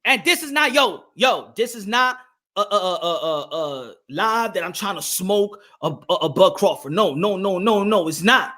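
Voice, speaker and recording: A man hosting a live boxing stream, loud and animated, trash-talking fighters and hyping his viewers. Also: sits high, moderate pace. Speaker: boxing commentator.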